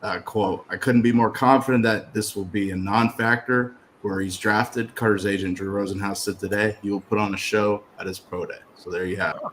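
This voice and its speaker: A man reading out breaking sports news on a talk show in a measured way, quoting a report. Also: on the low side, fairly even intonation, a bit bright, slight background noise. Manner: measured, reads out quotes.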